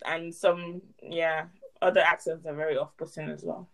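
A woman's voice: low-pitched, level tone, moderate pace, creaky, fairly bright tone. A young adult woman co-hosting a podcast, emphatic and laughing often in casual chat. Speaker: podcast co-host.

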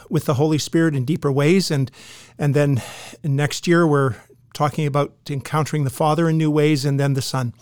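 A man's voice: on the high side, darkish tone, no echo, clean studio sound. A man hosting a church podcast, introducing the episode and interviewing a guest in an earnest manner with many uhs. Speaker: podcast host and church ministry director.

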